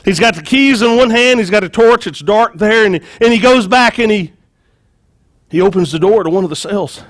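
A man preaching a sermon, retelling a story with lively acted-out quotes and frequent repeated words. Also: sits high, moderate pace. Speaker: pastor.

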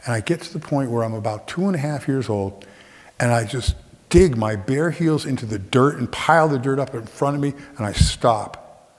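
A man's voice: mid-range voice, expressive, normal speed. A middle-aged man performing a reflective storytelling monologue on a theater stage, with dramatic shifts of tempo. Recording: theater with long reverb.

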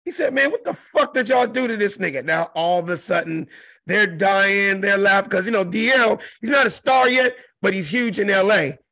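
A man in his fifties from South Central Los Angeles, a comedian telling a profane, animated story in an interview and acting out the other voices. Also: high-pitched, moderate pace, gravelly, no room sound. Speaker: comedian guest.

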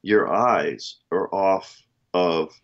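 A man's voice: sits low, drawn-out words, muffled recording. A man co-hosting a political commentary chat, speaking in a rambling, emphatic, and sardonic way. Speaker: co-host.

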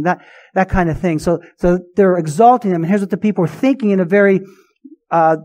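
A man's voice: high-pitched, fairly quick, darkish tone. A male pastor preaching a sermon, emphatic and full of rhetorical questions.

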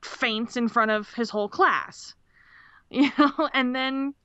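A woman's voice: fairly high pitch, slow pace, bright, forceful tone. A woman co-hosting a podcast in casual chat, laughing often and swearing casually as she reads a listener's story. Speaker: podcast co-host. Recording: dull, slightly lo-fi audio.

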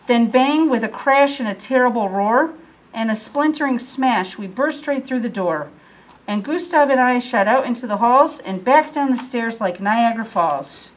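A woman's voice: on the high side, rough recording. Woman reading a rhyming storybook aloud. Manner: expressive, lilting rhyming delivery. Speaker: teacher reading to children.

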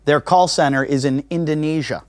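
A man doing a stand-up comedy set, animated and self-mocking, with punchy delivery. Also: on the high side, brisk, no echo. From Pittsburgh. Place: comedy club stage.

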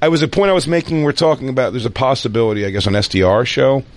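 A man with an ordinary mid-range voice talking loosely on a podcast. He circles his point, restarts sentences and trails off. He keeps his tone relaxed, with the odd swear. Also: racing. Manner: rambling, self-interrupting, low-key. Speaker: podcast co-host. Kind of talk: casual chat.

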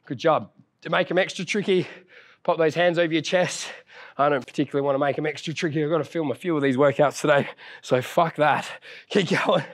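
A fairly high-voiced young man coaches a home workout, puffing as he exercises along. He cheers the listener on and counts the reps down in a loose, joking way. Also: brisk. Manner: upbeat encouraging, counts reps down, casual banter. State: out of breath while exercising. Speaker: fitness trainer.

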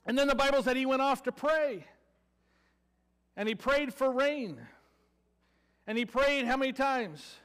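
A man's voice: extremely high pitch, lively intonation, moderate pace, fairly bright tone, smooth. A man with a Southern American accent preaching a sermon, telling a story with playful sarcasm and acting out the people in it. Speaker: pastor.

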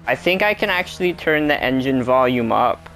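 A young man streaming a racing game, chatting to himself in a self-mocking, excitable way. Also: medium pitch, moderate pace, faint music behind. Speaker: gameplay streamer. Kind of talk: casual let's-play commentary.

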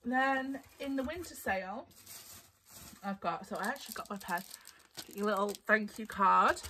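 A woman's voice: mid-range voice, moderate pace, pushed and bright, a little hiss or hum. Bubbly giggly woman. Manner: bubbly and giggly, gushing over papers. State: voice getting tired. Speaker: craft vlogger. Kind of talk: casual haul chat.

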